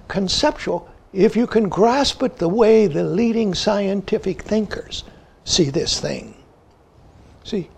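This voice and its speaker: Slow older man teaching with repeated "see". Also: very high-pitched, creaky. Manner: says "see" again and again, slow and deliberate; drops to hushed whispers when retelling a story. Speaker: Zen teacher. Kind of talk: dharma talk.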